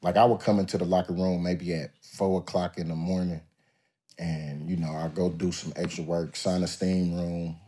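A man's voice: low voice, little pitch movement, normal speed, dark tone. A man as a podcast guest telling stories in a laid-back, drawling, profane way, often acting out what others said. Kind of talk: casual interview storytelling.

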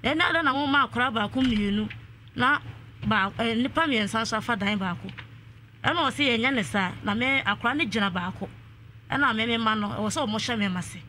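Her voice sits on the high side, bright and forceful, and she talks fairly quickly against a little hiss or hum. On a radio call-in, she recounts a drawn-out family feud, repeating others' words as she goes.

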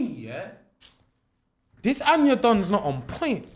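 A young man giving excitable, swearing, joking commentary while streaming a horror game. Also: high-pitched, slow, pauses often, husky. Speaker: gaming streamer. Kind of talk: horror let's-play commentary.

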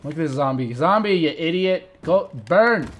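Young man, excitable game commentary. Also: on the high side, moderate pace. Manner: animated, talks to viewers, reacts loudly to the game; playful, jokes and mock eulogies. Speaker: gaming channel host. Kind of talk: let's play commentary.

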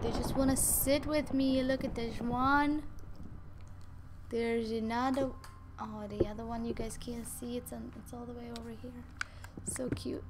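A woman's voice: on the high side, noisy background. A young woman chatting casually to her viewers and her dogs while playing a game, playful and talkative. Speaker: gaming YouTuber. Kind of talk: casual gameplay commentary. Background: game music.

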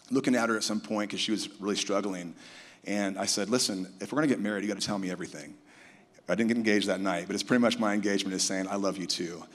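On stage in a large conference hall, a man shares a personal testimony as an earnest story, acting out the people he quotes. His voice is on the low side and a bit bright, with long hall reverb from the live conference recording.

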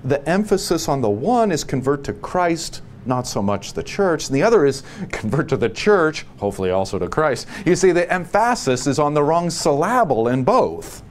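A man giving a long spoken answer in a book study, emphatic and repetitive, dropping quiet and low on solemn points. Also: big pitch swings, moderate pace, hardly any pauses, a little hiss or hum. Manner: emphatic, repeats key phrases, many restarts.

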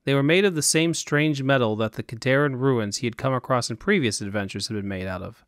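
A man's voice: medium pitch, fairly quick, no room sound, clean studio sound. Man narrating a fantasy audiobook.

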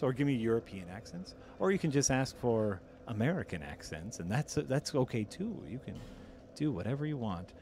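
A man with a medium-pitched voice hosts a casual gaming stream, joking with his co-host and calling out to chat as he plays. His talk is loose and playful. A faint background hiss runs under it. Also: animated, moderate pace. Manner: playful, talks to chat while playing. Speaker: host playing a game on stream.

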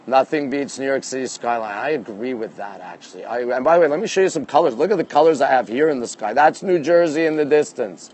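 Speaking fast with few pauses, this man has a mid-range, slightly mellow voice full of animation, with a bit of background noise. He's a Canadian streamer on a rooftop deck at night, phone in hand, upbeat as he reads comments and says hello to viewers by name.

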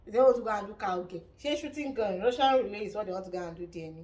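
Animated Nigerian woman gossiping. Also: mid-range voice, very fast, far from the mic. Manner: animated, dramatic, laughs often. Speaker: reality-show reviewer. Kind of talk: casual gossip commentary.

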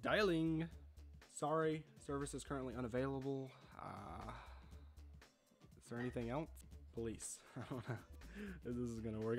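A young man casually commenting on a video game he is playing, chatty and confused, laughing often. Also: mid-range voice. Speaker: gaming video host.

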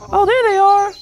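A woman's voice: extremely high pitch, a little mellow, heavily acted. Little Red, a woman doing a chirpy young girl. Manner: chirpy, sing-song humming.

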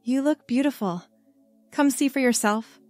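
A woman voicing an affectionate young girlfriend who speaks softly and encouragingly. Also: high voice, normal speed, dry recording, soft background music, voice pushed up, natural voice. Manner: soft, encouraging, tender.

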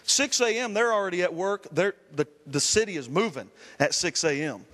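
Man preaching a fervent sermon, very high voice, long church-hall reverb. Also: expressive, moderate pace, a bit bright. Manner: fervent preaching with repeated refrains. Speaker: pastor. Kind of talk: Pentecostal sermon. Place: church sanctuary.

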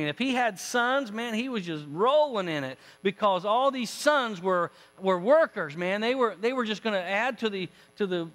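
A male pastor with a high voice tells a scripture story in a folksy, animated way, full of asides to his listeners. His voice carries the long reverb of a church sanctuary. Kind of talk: storytelling sermon.

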